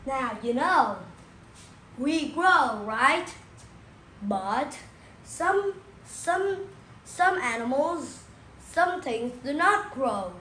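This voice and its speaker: A woman speaks very slowly as she teaches young children, saying each new word again and again and checking in with questions. Her voice sits a little high. The room is echoey, with a faint hum of ambience behind her. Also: lively intonation, bright, forceful tone. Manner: repeats key words slowly, asks the listener questions. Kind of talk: slow classroom explanation for young children.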